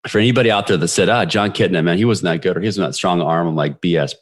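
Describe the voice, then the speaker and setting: A man's voice: sits low, quick pace. A man in his forties, a podcast guest, retelling a sports story with energy and quoted voices. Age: 40s. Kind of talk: storytelling interview.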